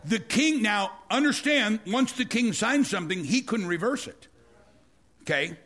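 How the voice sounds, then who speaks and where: A man preaching, telling a story with animated energy and acting out the scenes. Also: sits high, a little slow. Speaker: pastor. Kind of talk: storytelling sermon.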